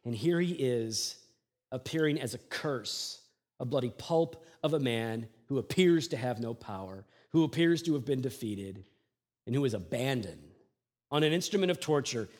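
A male pastor preaching a sermon, moving from hushed, quiet passages to loud, emphatic ones and acting out mocking voices from the scripture he reads. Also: medium pitch, animated, normal speed. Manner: acts out mocking voices while reading scripture.

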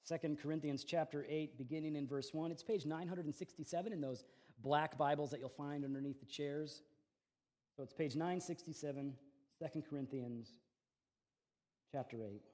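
Male pastor, forties, relaxed storytelling sermon, slightly higher-pitched voice. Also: normal speed. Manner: conversational storytelling with fillers and restarts.

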